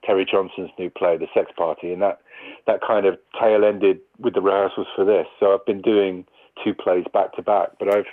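A man's voice: low voice, level tone, moderate pace. A man, an actor, answering interview questions thoughtfully and often restarting sentences as he works out his ideas. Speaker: stage and TV actor. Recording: narrow phone-like radio sound.

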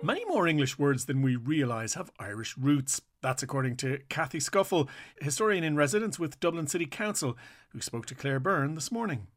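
A man announcing scripted radio links in a smooth, even read. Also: on the high side, fairly quick, soft background music.

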